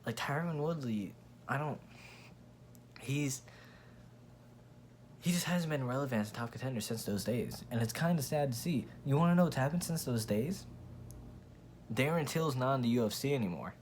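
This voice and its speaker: Speaking at a moderate pace with long pauses, the MMA channel host gives a blunt, profane, rambling opinion rant, casual in tone and full of restarts. His voice is medium in pitch, a little mellow, with lively intonation and slight background noise.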